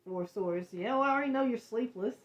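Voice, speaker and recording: A woman giving an emotional tarot reading, talking in halting, searching bursts with repeated words. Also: on the high side. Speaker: tarot reader. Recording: echoey room.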